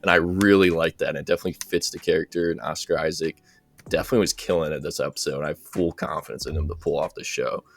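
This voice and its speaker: A man co-hosting a podcast, talking casually and loosely, and getting lively when something strikes him as funny. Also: very deep voice, fast talker, vocal fry, faint music behind. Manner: relaxed, rambling, gets animated when amused. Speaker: podcast co-host. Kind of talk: casual chat.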